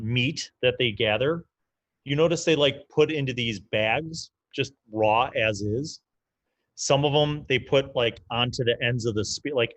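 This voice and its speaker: A man's voice: mid-range voice, no room sound. A man narrating as game master in a casual, loose way, with lots of fillers.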